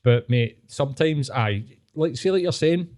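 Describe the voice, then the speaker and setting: A man's voice: medium pitch, expressive, moderate pace, a little mellow. A man with a Glaswegian Scottish accent, a podcast guest talking earnestly and reflectively, swearing and saying "mate" a lot. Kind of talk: casual podcast chat.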